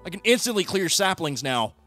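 High bright-voiced playful male streamer. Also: big pitch swings, a little fast, faint music behind. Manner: playful, bursts into loud teasing shouts. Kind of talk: casual gaming chat.

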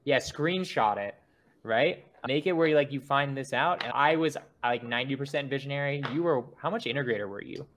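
A man's voice: mid-range voice, fairly quick, a bit bright, slight background noise. A young man hosting a podcast, talking in a loose, rambling way with lots of fillers. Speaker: podcast host. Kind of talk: casual podcast chat.

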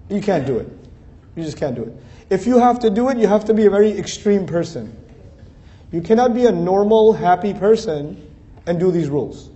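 A man speaks in a conversational lecture style, earnest and persuasive. His voice sits slightly high and has a mellow, relaxed tone. He drives his points home with repeated, emphatic phrases. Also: highs cut off. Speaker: speaker giving an Islamic talk.

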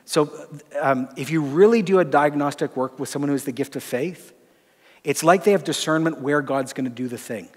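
Pastor teaching in a reverberant hall. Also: male voice, on the high side, a little fast. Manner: conversational, acts out dialogue, drops to soft tones. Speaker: pastor and lecturer. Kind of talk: sermon-style teaching with stories.

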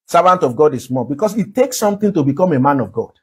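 A man preaching with a high, husky voice. He talks in an earnest, repetitive sermon style full of rhetorical questions. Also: big pitch swings, quick pace. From Nigeria. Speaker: pastor.

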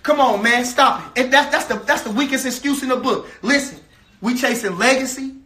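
A man's voice: extremely high pitch, fairly quick, bright, forceful tone. A man from a boxer's camp delivering a heated, repetitive, trash-talking rant to the camera.

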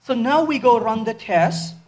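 A man giving a lively live technical talk, asking his audience question after question as he codes on stage. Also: extremely high pitch, a little slow. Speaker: conference speaker. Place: large conference hall. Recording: echoey hall from far off.

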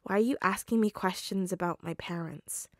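A woman's voice: medium pitch, moderate pace, no echo, clean studio sound, close to an everyday voice. A woman reading a fan story aloud, voicing a nervous, grieving teenage boy who hesitates and trails off with ums.

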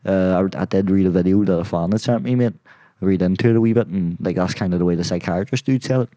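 A man talking as a podcast guest in casual conversation, full of swearing, sudden loud exclamations and "mate". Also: deep voice, quick pace, no echo.

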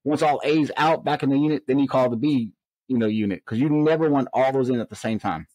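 Male guest, lively storyteller, mid-pitched voice, dry close sound. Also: fast talker, no room sound, low-quality recording. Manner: animated, acts out quoted dialogue in raised voices. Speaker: interview guest, former correctional officer. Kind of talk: conversational storytelling.

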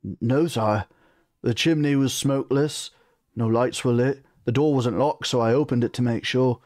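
A man's voice: medium pitch, normal speed, a little mellow, no echo, studio quality, lightly acted. A man reading aloud and voicing a nervous, humble male messenger who stammers and speaks deferentially. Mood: nervous, apologetic.

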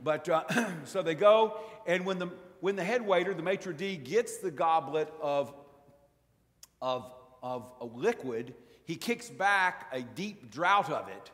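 A male pastor with a high, very lively voice preaches a sermon. He tells stories in a folksy, humorous manner. His voice rings out in a church with a long reverb. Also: slow.

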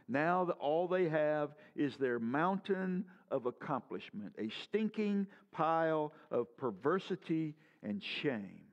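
A male pastor preaching with a high-pitched voice. He poses earnest rhetorical questions, lifting his voice and then letting it sink low. The recording is dull and lo-fi. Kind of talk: sermon.

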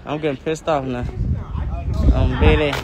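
A man's voice: fairly high pitch, steady tone, moderate pace, dull audio, a loud crowd. Hyped young man livestreaming outdoors. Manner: hyped, profane street slang, hypes up viewer count. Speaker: livestream host. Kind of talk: casual livestream chat. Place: outdoors on a city block.

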